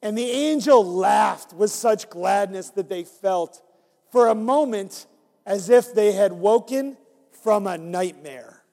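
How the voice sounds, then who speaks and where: Speaking slowly in a high-pitched, creaky voice, a minister reads an interactive Bible story to the children in his care. His delivery is animated, and he coaxes them to take part. A long hall reverb trails his words.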